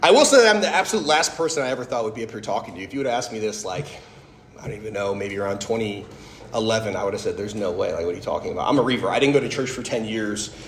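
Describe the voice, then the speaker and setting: A man in his thirties gives a personal testimony as a faith talk, speaking very fast in a voice on the low side. His storytelling is chatty and conversational, peppered with "like" and "right?", and the roomy recording has slight background noise.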